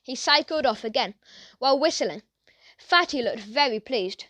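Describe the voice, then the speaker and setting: A woman narrating a children's mystery audiobook in a steady storytelling manner. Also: sits high, normal speed.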